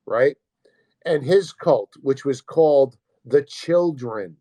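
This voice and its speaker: Slow-talking, profane male commentator. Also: mid-range voice, lively intonation, dark tone. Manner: profane, agitated, rhetorical questions to the audience. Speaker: host. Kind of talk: casual commentary.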